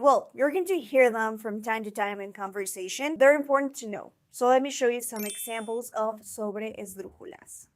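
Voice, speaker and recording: A woman teaching a scripted video lesson, speaking clearly and encouragingly and slowing down to sound out example words. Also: fairly high pitch. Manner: clear, encouraging instructional delivery. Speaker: Spanish teacher.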